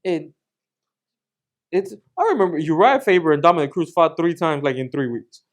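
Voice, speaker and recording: A man co-hosting a casual fight analysis show, animated and repetitive, laughing often. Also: on the high side, normal speed. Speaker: podcast co-host.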